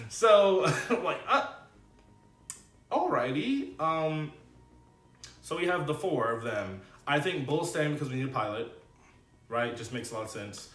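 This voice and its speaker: A man giving a casual, animated spoken TV review, with loose slangy talk and many fillers. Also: measured pace, reverberant. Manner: animated, swings into high excited exclamations. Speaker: TV review vlogger.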